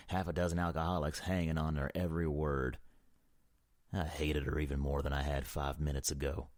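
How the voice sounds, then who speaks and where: A male audiobook narrator with an extremely low voice who reads in a measured, brooding way. The sound is dry and close-miked, without any room echo. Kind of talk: first-person audiobook narration.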